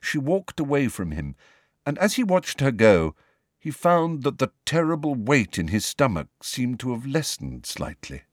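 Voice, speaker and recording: A man narrating a novel as an audiobook, with expressive, varied storytelling. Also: mid-range voice, unhurried, no echo, studio quality.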